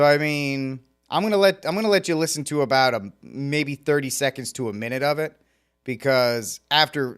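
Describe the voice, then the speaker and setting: A man hosting a talk radio show, commenting with animated, sarcastic asides. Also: mid-range voice, clean tone.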